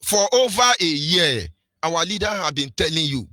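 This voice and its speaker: A man with a Nigerian accent delivers fiery political commentary on radio, his voice pitched slightly high and strikingly sharp and forceful. He preaches, hammering rhetorical questions with a sing-song lilt. The sound is close and dry, with no room around it. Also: lively intonation, a little slow, no room sound. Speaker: radio presenter.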